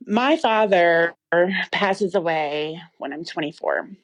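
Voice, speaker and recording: A woman's voice: on the low side, animated, takes it slowly, dry recording. A woman in her thirties telling an emotional personal story as an interview guest, with many fillers and restarts.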